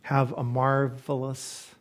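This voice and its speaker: A male pastor delivering a sermon in a mid-pitched voice. He tells a story at an unhurried, earnest pace and lets his voice drop soft and quiet when he reflects. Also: completely flat delivery. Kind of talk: sermon with a read-aloud story.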